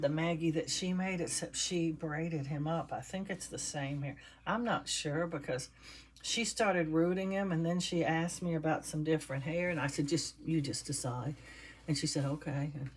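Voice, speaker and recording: A woman's voice: low-pitched, breathy edge. An older woman chatting casually as she stuffs and assembles a handmade doll, talking to her viewers while she works. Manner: chatty, talks while working with her hands. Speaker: doll maker. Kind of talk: casual crafting vlog.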